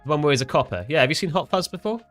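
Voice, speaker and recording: A man with an English accent chatting casually on a live stream, rambling and quick to laugh. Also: on the high side, lively intonation, a bit bright, soft background music. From England. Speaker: fellow trader and streamer.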